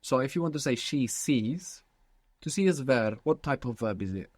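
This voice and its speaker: A man's voice: mid-range voice, lively intonation, moderate pace, dry recording. A man teaching a language lesson, patiently prompting his student with questions.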